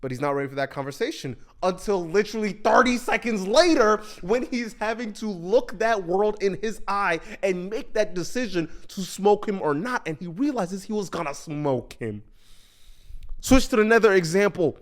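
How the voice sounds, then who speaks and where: A man with a high voice hosting a casual podcast. He talks in a slangy, animated way as he breaks down a show. His tone is lively and conversational. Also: moderate pace. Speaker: podcast host. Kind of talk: casual chat.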